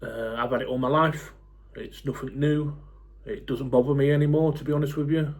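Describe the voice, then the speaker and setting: A man in his forties, talking to camera in a blunt, fed-up rant, swearing freely and pausing on lots of ums. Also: mid-range voice, steady tone, darkish tone. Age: 40s. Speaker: football fan YouTuber.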